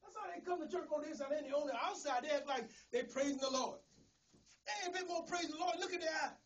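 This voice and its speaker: A middle-aged man preaches in a folksy storytelling way, stumbling over and repeating words as he goes. His voice sits high for a man. He is recorded from some distance in a church. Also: quick pace, fairly bright tone. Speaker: pastor. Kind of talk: sermon.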